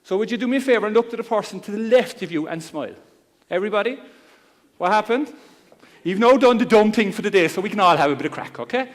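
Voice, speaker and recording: A man's voice: high-pitched, animated, fast talker. A middle-aged man with a Cork Irish accent giving a chatty, joking seminar talk. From Ireland. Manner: chatty, joking, blunt slang. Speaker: seminar speaker. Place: seminar hall. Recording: long hall reverb.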